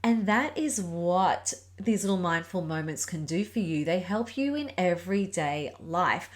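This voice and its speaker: A middle-aged woman talks on her own in a reflective podcast, gentle and earnest as she encourages her listeners. Her voice sits a little low for a woman, and she speaks like a Pilates and yoga teacher guiding a class. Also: animated, a little slow. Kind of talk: reflective solo podcast talk.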